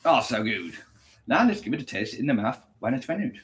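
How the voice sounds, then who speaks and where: A man's voice: mid-range voice, very animated, fast talker, breathy edge. Guy vlogging, swears nonstop, over the top, voice all over the place. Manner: crude, swearing, exaggerated. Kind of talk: casual rant and food vlog.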